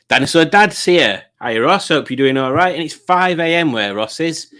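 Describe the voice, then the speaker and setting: A man's voice: fairly high pitch, animated, normal speed, few pauses, a bit bright. A middle-aged man hosting a casual livestream, rambling as he reads out viewer comments. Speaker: livestream host.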